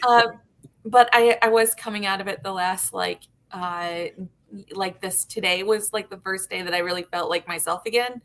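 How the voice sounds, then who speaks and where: A woman co-hosting a podcast over a video call, rambling with many fillers and quick bursts of speech. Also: medium pitch, fairly even intonation, a bit bright. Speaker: podcast co-host. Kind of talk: casual chat.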